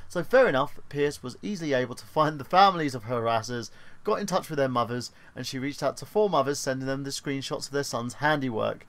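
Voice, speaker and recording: A man's voice: mid-range voice, fast. Man, podcast co-host, casual gaming chat, reads news aloud, rambling asides.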